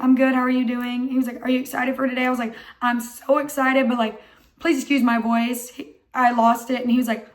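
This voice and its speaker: Hoarse young woman, high chatty voice. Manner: excited, chatty, heavy use of "like". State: hoarse, voice not fully recovered. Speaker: vlogger. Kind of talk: casual storytelling vlog.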